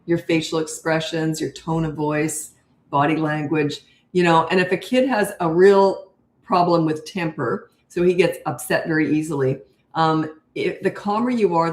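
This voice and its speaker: During a live Q&A with viewers, an older parent coach answers in a low, slow, calm voice without hurrying. Her room is echoey.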